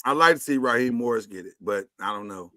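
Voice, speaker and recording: Opinionated bright-voiced male sports host. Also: mid-range voice, quick pace, no echo. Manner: chatty, opinionated, runs the segments. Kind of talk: casual sports talk.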